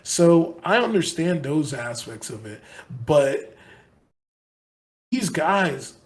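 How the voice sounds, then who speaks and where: A man's voice: fairly high pitch, big pitch swings, slow. A man co-hosting a sports podcast, talking casually in long, earnest, rambling stretches full of restarts. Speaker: podcast co-host.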